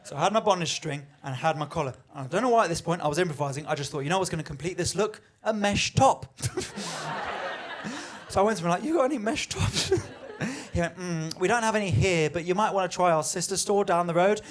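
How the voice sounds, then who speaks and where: Animated stand-up comedian, high voice. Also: male voice, fast. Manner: conversational, animated, acts out quoted voices. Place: comedy venue with live audience.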